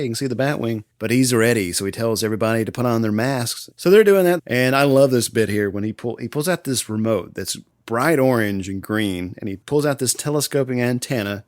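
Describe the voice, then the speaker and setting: An enthusiastic male podcast host walks through a movie scene by scene, laughing often and acting bits out. His voice sits at an ordinary middle pitch, recorded close and dry. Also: fast, hardly any pauses, dry recording. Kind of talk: casual movie recap chat.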